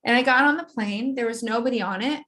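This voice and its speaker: A woman guest in an interview, telling a personal story in a vivid, animated way and often laughing. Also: on the high side, fast talker.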